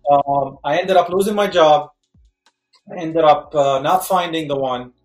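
A middle-aged man, a guest actor, telling a lively story and acting out quotes with jumps in pitch. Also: measured pace, soft background music. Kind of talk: animated storytelling. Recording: roomy echo.

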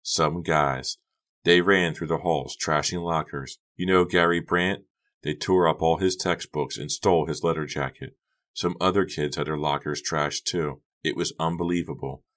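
Man reading a mellow mumbly teen boy, low-key and quiet, really deep voice. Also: steady tone, moderate pace. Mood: calm. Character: laid-back teenage boy, soft-spoken. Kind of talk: audiobook character voice.

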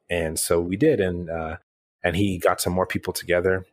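Male co-host, deep voice, dry close sound, rambling casual talk. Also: steady tone, normal speed, breathy edge, no room sound. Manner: rambling, many restarts and fillers. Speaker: podcast co-host and game master. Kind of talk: casual chat.

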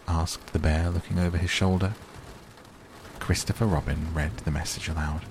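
A man reading a storybook aloud in a calm, soothing bedtime narration, with faint rain behind. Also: extremely low pitch, moderate pace, background noise. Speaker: audiobook narrator.

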